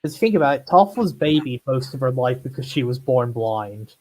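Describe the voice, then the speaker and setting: A man co-hosting a podcast, chatting casually in a relaxed, agreeable way, often filling pauses with "like". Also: medium pitch. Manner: relaxed, agreeable, lots of fillers like "like". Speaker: podcast co-host. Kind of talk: casual chat.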